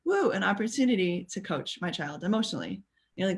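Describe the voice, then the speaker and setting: A woman giving a coaching talk to parents, chatty and expressive, acting out little quoted exchanges with laughs. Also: medium pitch, fast talker.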